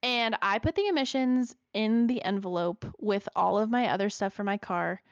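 A young woman in casual chat, telling an animated story full of "like" fillers. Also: mid-range voice, normal speed, dry recording. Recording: slightly dull lo-fi dry sound.

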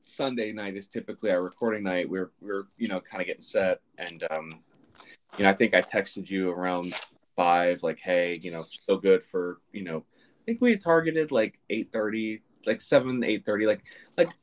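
A man's voice: low voice, moderate pace, a little hiss or hum. A man co-hosting a podcast, chatting casually and rambling through his story. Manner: rambling with many fillers and restarts. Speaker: podcast co-host. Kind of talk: casual chat.

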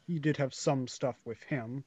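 A man taking part in a tabletop role-play discussion, talking in halting, unsure bits. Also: medium pitch, a little mellow, husky, no echo. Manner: hesitant, halting. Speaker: player. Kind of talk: casual tabletop game discussion.

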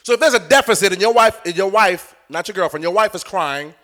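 High-pitched, animated preacher man. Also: fairly quick. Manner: animated, joking, coaxing the congregation. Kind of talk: live sermon.

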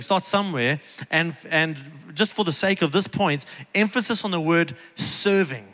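A man's voice: fairly high pitch, normal speed, few pauses, sharp tone. A man preaching a sermon from a church stage, earnest and conversational, driving points home with repetition. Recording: long reverb of a large hall.

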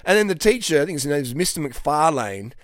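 A man's voice: a little high, very animated, brisk, dry recording, clean studio sound. A middle-aged man from Western Australia, a coach talking bluntly and profanely, often asking "okay?". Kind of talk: casual monologue to camera.

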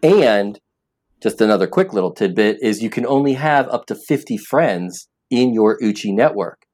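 A man's voice: lowish voice, expressive, normal speed, a little mellow. Earnest man explaining with emphasis. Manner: earnest, emphatic, repeats words when starting sentences. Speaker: app founder, guest. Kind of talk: interview conversation.

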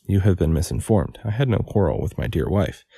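A man reading the lines of a calm, haughty gentleman under questioning. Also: deep voice, a little fast, gravelly, breathy edge, dry recording, studio quality, full character voice.

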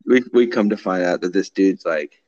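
A man's voice: low voice, moderate pace, darkish tone, dry recording, muffled recording. A man co-hosting a casual comedy podcast, joking around, laughing often and riffing silly mock ads. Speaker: podcast co-host.

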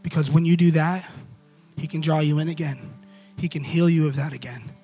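Man preacher, high pitch, lively casual storytelling, soft music underneath. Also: brisk, slightly rough. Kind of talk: storytelling devotional talk.

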